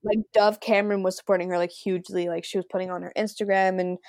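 A young woman co-hosting a casual gossip podcast, expressive, laughing often and swearing casually. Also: lowish voice, fast, dry recording. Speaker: podcast co-host. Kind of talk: casual celebrity gossip chat.

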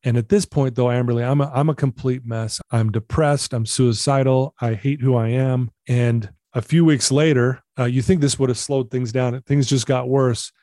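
A man's voice: medium pitch, fairly even intonation, normal speed, few pauses, dark tone, no room sound, clean studio sound. A middle-aged man, a guest in a conversation, earnestly telling a personal story and repeating himself for emphasis.

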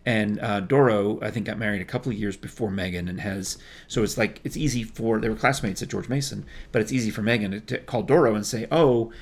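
A middle-aged man with a low, gravelly voice co-hosts a podcast, chatting and telling playful stories. His talk is loose and friendly. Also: fast talker. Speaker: podcast co-host. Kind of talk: casual chat.

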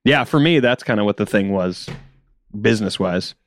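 A man's voice: fairly low pitch, lively intonation, moderate pace. A young man from South Carolina with a general American accent, chatting casually as a comedian guest, rambling with restarts and frequent laughs. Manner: rambling, self-interrupting, laughs often. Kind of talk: casual podcast chat.

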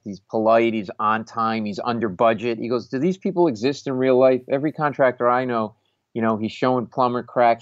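A man's voice: medium pitch, dry recording. A man from Rhode Island, a comedian and former lawyer, telling a story casually with many restarts and self-mocking asides. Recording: dull lo-fi, dry sound.

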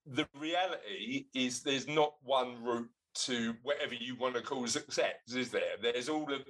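A man's voice: mid-range voice, fairly bright tone, low-quality recording. A man hosting a podcast in casual chat, playful and teasing, laughing often. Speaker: podcast host.

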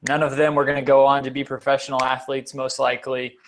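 A man's voice: mid-range voice, completely flat delivery, quick pace. A man being interviewed as a guest on a podcast, a motivational speaker who talks earnestly and repeats words for emphasis.

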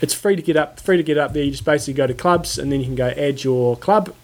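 A man's voice: on the high side, fast. A man co-hosting a casual chat, easygoing with dry humor. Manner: easygoing, dry, brief replies. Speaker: podcast co-host.

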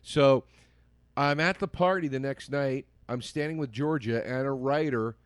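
A man's voice: medium pitch, a little slow, clean tone, no room sound. A man telling a long story to his podcast co-host, laughing often and quoting people in his own voice. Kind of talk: casual chat, storytelling.

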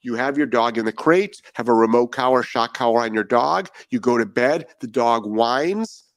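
A man's voice: mid-range voice, normal speed, dry recording. Blunt, fired-up male dog trainer. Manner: blunt, profane, fired up, full of rhetorical questions. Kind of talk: podcast monologue.

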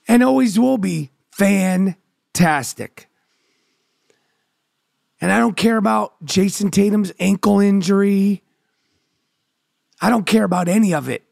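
A man's voice: sits high, creaky, darkish tone, no room sound, clean studio sound. A man from New York hosting a podcast, ranting about sports with heavy swearing and sing-song chanted intros. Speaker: podcast host. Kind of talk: profane sports rant.

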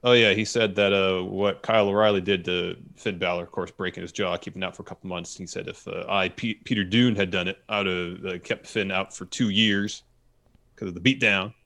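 Deep, gravelly, fast-talking man. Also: steady tone, fairly bright tone. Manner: adds details and agrees briefly. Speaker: podcast co-host. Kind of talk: casual recap chat.

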